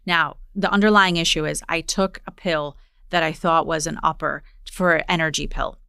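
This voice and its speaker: Low-voiced woman telling a story. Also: normal speed, gravelly, clean tone, no echo, studio quality. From Poland. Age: 40s. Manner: storytelling, animated retelling. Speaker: podcast host. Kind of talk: casual conversation.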